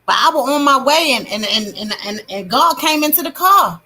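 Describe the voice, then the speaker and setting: A middle-aged woman hosting a livestream, telling her testimony in a casual, animated way and greeting chat viewers. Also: high-pitched, moderate pace. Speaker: livestream host.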